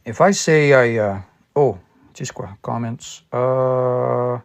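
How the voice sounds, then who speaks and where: Guy doing a chill livestream language study, mid-pitch voice, spells stuff out letter by letter, talks it through as he goes. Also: takes it slowly, gravelly, clear, resonant tone. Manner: thinks aloud, spells words out letter by letter; explains patiently with worked examples. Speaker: language learner teaching a livestream study session. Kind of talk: casual livestream language lesson.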